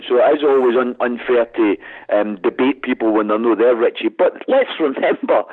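Scottish male guest calling in by phone, husky voice, fiery and combative delivery. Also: fairly high pitch. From Scotland. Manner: impassioned, combative, rising to emphatic outbursts. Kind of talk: radio phone-in interview. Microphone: phone line. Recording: tinny phone line.

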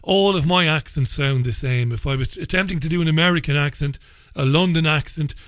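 A man hosting a radio talk show in a chatty, opinionated way with quick asides. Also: a little high, fairly bright tone, no room sound, studio quality.

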